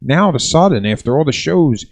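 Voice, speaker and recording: A man from South Philadelphia co-hosting a casual comedy podcast, telling stories in an animated way and repeating words as he gets worked up. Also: a little high, fast, gravelly. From South Philadelphia, USA. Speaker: podcast co-host, stand-up comic. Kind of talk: casual chat, storytelling.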